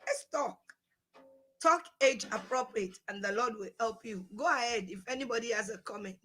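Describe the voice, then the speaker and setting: Bright-voiced woman coach. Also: fairly high pitch, moderate pace, faint music behind. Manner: earnest, preachy, repeats phrases for emphasis. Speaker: parenting coach and host. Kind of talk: conversational teaching talk.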